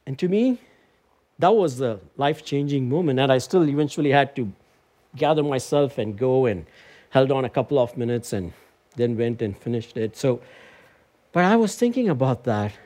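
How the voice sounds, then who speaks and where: A man preaching a sermon, telling a personal story and building to emphatic, lively peaks. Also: medium pitch, normal speed. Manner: animated, climbs to emphatic heights when storytelling and preaching.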